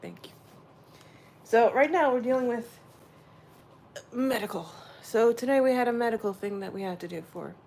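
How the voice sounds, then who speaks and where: A woman hosting a casual spiritual livestream, rambling warmly and answering her viewers' chat directly. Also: a little high, expressive, normal speed, long pauses, a little hiss or hum. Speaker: livestream host.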